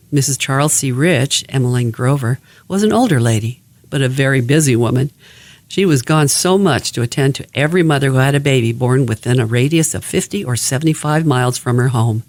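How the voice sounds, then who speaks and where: A man reads aloud from an old family memoir, keeping a steady, even pace. His voice sits at a middle pitch for a man. The recording is dry and close, with no room sound around him. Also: dry recording.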